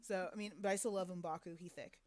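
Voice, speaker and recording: A woman co-hosting a casual podcast chat, blunt and opinionated and quick to laugh. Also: fairly low pitch, fairly even intonation, darkish tone. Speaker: podcast co-host.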